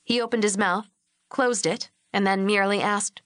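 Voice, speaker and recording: A woman narrating an audiobook in a measured, even storytelling manner, recorded on a close mic. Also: medium pitch, no room sound. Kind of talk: scripted narration.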